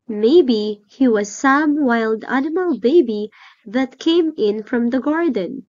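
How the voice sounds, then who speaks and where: A woman reading a children's picture book aloud slowly and clearly. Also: on the high side, darkish tone, dull audio. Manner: slow, clear storybook reading. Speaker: storyteller. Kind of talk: children's read-aloud narration.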